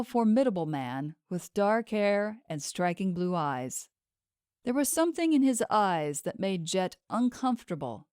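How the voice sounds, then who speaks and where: Woman narrating an audiobook, smooth and dry. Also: mid-range voice, darkish tone, no room sound. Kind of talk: scripted narration.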